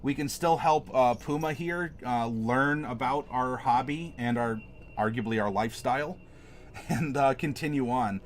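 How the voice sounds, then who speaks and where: A man's voice: mid-range voice, measured pace, a little hiss or hum. A man hosting a live stream from his home desk, chatting casually with viewers and answering the chat aloud in a rambling way. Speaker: streamer host.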